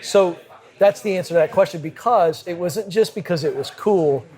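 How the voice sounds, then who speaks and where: A man, a podcast guest, telling a vivid personal anecdote in brisk conversational style at a cigar lounge. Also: high-pitched, warm tone. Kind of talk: animated storytelling in conversation. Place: cigar lounge with a group present.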